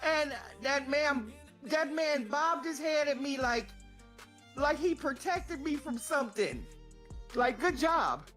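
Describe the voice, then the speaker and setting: A woman casually telling an animated, profane story. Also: sits high, slow pace, faint music behind.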